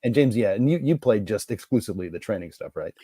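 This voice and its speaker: A man with a low voice chats casually on a podcast, often trailing off and murmuring agreement. The sound is dry and close. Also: expressive, quick pace, dark tone, husky, no room sound. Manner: hesitant, lots of backchannel agreement. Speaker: podcast co-host. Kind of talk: casual chat.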